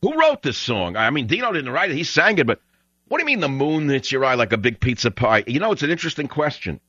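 A man hosting a talk radio show, ranting in an animated way and breaking into loud shouting. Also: medium pitch, fast talker, no echo. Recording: dull lo-fi radio broadcast.

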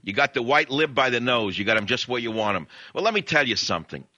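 A man's voice: mid-range voice, big pitch swings, fast, pushed and bright, no room sound. A man hosting a talk radio show, ranting in a combative, sneering way and throwing insults.

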